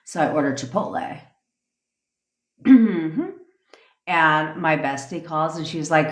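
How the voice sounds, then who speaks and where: A fired-up woman coach cursing freely through a livestream rant, her voice sitting on the low side for a woman. The room rings around her with a roomy echo. She talks straight at her viewers and hypes up their comments. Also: lively intonation, slow pace, pauses often. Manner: profane, blunt, hyped-up; reads out and cheers viewer comments. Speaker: manifestation coach.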